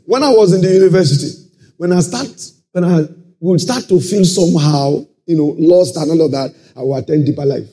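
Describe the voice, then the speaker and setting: Brief: male pastor, slightly high, warm tone, sermon with constant "praise the Lord" asides. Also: a little fast. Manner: peppers talk with "praise the Lord" and checks listeners follow. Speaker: preacher.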